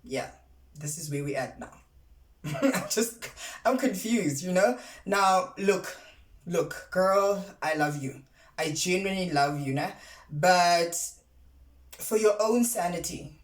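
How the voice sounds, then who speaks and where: A voice in a casual commentary vlog, chatty and sassy, firing rhetorical questions at the audience. The pitch sits mid-range, neither high nor low. The sound carries a roomy echo. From South Africa. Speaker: commentary vlogger.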